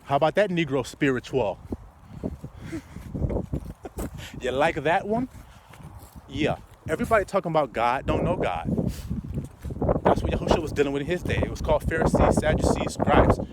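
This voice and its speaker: A man's voice: fairly high pitch, animated, heavy background noise. A man preaching casually into his phone while walking down a city street, laughing often and asking his listeners rhetorical questions. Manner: laughing, rhetorical, drawn-out repetitions. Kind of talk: casual outdoor sermon to phone camera. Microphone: phone held while walking.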